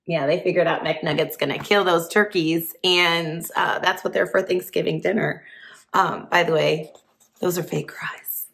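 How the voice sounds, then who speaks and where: A woman's voice: fairly low pitch, fairly even intonation, unhurried, gravelly, a bit bright. A woman teacher reading a picture book aloud to children, chatty and asking the listeners questions as she goes. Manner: chatty, asks listeners questions, laughs often.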